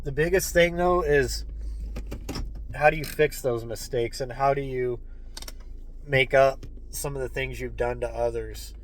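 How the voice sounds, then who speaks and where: The recording is low quality with slight background noise, and the host's mid-range voice is fairly even, a bit slow, with long pauses. Speaking sincerely to his viewers, he repeatedly says folks and is occasionally overcome with emotion.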